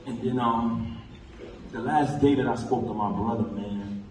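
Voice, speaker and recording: A man delivers a passionate, emphatic memorial speech from a stage. His voice carries through a very reverberant theater and sounds distant from the microphone, with a faint hiss underneath. His pitch sits in an ordinary middle range. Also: steady tone, a little slow, a little mellow. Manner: impassioned, emphatic, recounts conversations with his late friend. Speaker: eulogy speaker. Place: large theater hall. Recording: echoey hall, distant pickup, faint noise.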